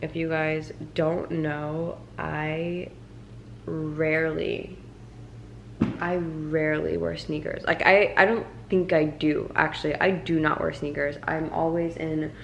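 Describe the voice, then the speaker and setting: A woman's voice: sits low, little pitch movement, takes it slowly, vocal fry, roomy sound, slight background noise, rough recording. A young woman vlogging, retelling her story with many fillers. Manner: quiet, subdued retelling. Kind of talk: storytime vlog.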